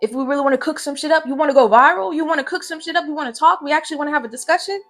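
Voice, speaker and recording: A woman's voice: high voice, very fast, few pauses, fairly bright tone. A young woman commentator ranting brashly and profanely from her own room at home, with faint music behind her. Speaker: online commentator. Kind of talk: heated reaction commentary.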